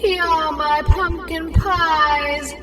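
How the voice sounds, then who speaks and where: A woman voicing a ghostly mother in a storybook tale, calling out names in a drawn-out, hollow way. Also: sits high, steady tone, over music, voice pushed up. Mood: eerie. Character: slow eerie female ghost, a vengeful mother.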